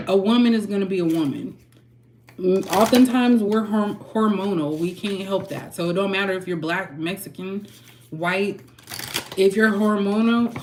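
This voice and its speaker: A woman tarot reader and channel host, ranting frankly and heatedly to her viewers and clearing her throat often. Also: mid-range voice, darkish tone, slight background noise. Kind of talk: candid ranting vlog.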